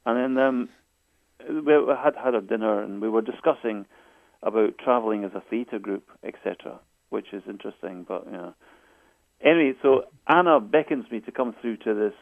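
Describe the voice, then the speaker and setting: A man's low, gravelly voice comes through a thin, phone-like line. He is a guest author telling a long story, and he stumbles, restarts and repeats words as he goes. The sound is dry, with no room echo. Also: moderate pace. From Scotland.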